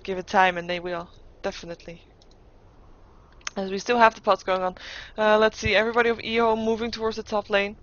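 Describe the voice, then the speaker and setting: A woman caster calls a video game match live. She thinks out loud, restarts her sentences and drops playful asides, at a middling pitch. The recording sounds dull and lo-fi. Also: flat delivery, fairly quick. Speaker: esports caster.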